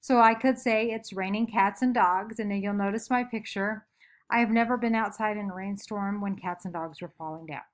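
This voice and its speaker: A woman's voice: mid-range voice, fairly even intonation, fairly quick. A woman teacher giving a recorded lesson from home, chatty and upbeat, making playful sound effects.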